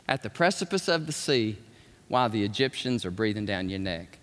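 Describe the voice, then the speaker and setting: A man preaching a sermon as pastor, animated and acting out scripture characters. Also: on the low side, fairly quick. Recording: echoey hall, voice at times far from the mic.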